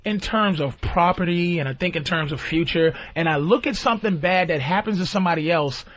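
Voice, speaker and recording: A man's voice: high-pitched, fairly quick, fairly bright tone, a little hiss or hum. A man telling profane stories in casual radio banter, acting out the voices of people he quotes. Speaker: guest comedian. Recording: dull lo-fi radio broadcast.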